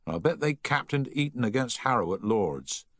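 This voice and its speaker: A kind, steady boy prefect talks gently but with quiet authority, played by a male narrator. His voice is lifted above a man's usual pitch and moves expressively. The recording is close and dry. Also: normal speed, no echo.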